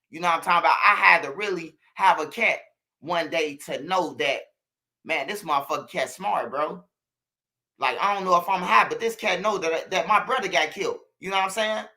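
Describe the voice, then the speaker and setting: High, bright-voiced Chicago man preaching. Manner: street slang, repetitive, preachy. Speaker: channel host. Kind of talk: casual monologue to viewers.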